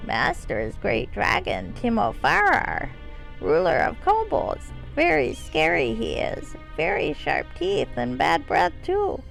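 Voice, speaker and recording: A woman voicing a timid, fawning male kobold bard who talks in broken grammar and refers to himself by name, in a high squeaky voice. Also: wildly swooping pitch, takes it slowly, gravelly, fairly bright tone, faint music behind, heavily acted, rough recording. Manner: high squeaky voice, some lines strained and out of breath. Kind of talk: live game-stream character voicing.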